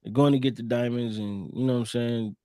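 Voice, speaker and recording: A man's voice: medium pitch, fairly even intonation, brisk, mellow. A man co-hosting a podcast in loose, casual chat about a comedy film. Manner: laid-back, peppers talk with "bro". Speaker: podcast co-host. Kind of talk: casual movie-recap chat.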